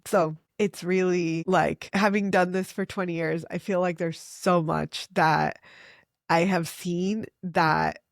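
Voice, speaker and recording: Woman, middle-aged, fertility doctor, earnest storytelling, lowish voice, dry close sound. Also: slow, creaky, dry recording. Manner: earnest, animated storytelling with frequent "like". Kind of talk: conversational interview.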